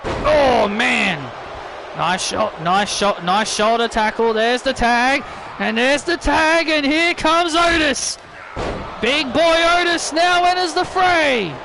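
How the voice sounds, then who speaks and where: A man doing excitable play-by-play wrestling commentary over a video game, repeating himself and bursting into shouts. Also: very high-pitched, slow pace, noisy background.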